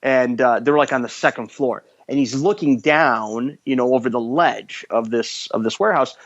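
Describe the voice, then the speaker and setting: Lively man retelling a movie, dull sound. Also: mid-range voice, moderate pace. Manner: animated storyteller acting out quoted lines. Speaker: podcast host. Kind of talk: casual chat, retelling a movie plot. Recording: dull lo-fi podcast audio.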